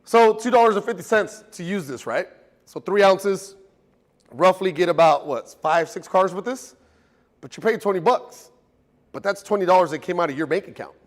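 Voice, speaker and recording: Man, detailing instructor, slightly high voice, casual and joking, classroom teaching. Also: animated, normal speed, big-room sound. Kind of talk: classroom teaching to a live group.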